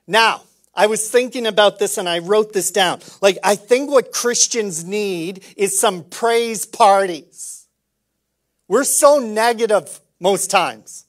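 A man preaching a sermon as pastor, animated and playful, acting out little dialogues and swinging from soft asides to loud calls. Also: high voice, slow pace.

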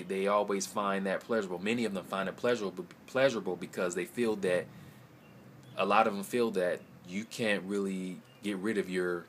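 A man's voice: low voice, a bit bright, a little hiss or hum. A man, a language-learning vlogger, giving a casual video response in a rambling, hesitant way, with many ums and repeated words. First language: English.

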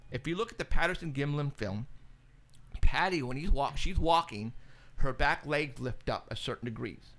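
A radio show host telling an excited, casual story, acting out both sides of a phone call. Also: male voice, fairly high pitch, moderate pace. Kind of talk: casual chat. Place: studio, live stream.

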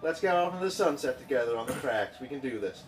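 A man doing a ditzy, airheaded tan guy with a mock Quebec accent and a breezy valley-speak drawl. The voice sits a little low and easygoing, heard from a distance with a faint hiss behind it. It sounds like a voice improvised over game footage. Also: lively intonation, quick pace, natural voice. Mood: giddy. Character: ditzy tanned young man with a faked Canadian accent.

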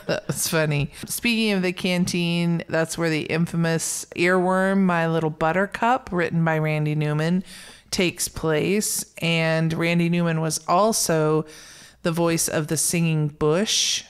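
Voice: mid-range voice, fairly even intonation, unhurried, smooth. A podcast co-host in a casual film discussion, retelling scenes with a laugh and acting out quoted lines.

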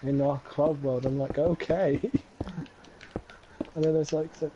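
A man's voice: mid-range voice, little pitch movement, measured pace. A man streaming a block-building game, chatting in a laid-back, joking way with a friend. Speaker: gaming streamer. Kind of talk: casual let's-play chat. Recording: muffled, lo-fi stream audio with clear background noise.

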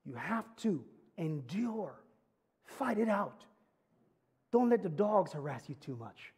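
A man's voice: high voice, very animated, slow pace, a little mellow, husky. A man, a pastor, preaching a sermon earnestly, building to emphatic climaxes and telling stories with light humor. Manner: conversational storytelling with humor.

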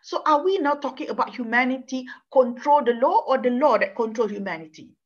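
A woman with a Malaysian accent gives a university law lecture. She speaks earnestly and with feeling, in a slightly high voice. The recording is dull and lo-fi. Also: lively intonation, brisk. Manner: earnest, emotional, repeats words, non-native phrasing. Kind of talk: university lecture with personal story. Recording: dull lo-fi sound.

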